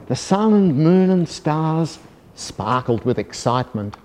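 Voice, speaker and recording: A man reads a children's storybook aloud, soft, gentle and measured, with a mellow, dark tone. His voice is a little high with big pitch swings. A long hall reverb trails after each phrase.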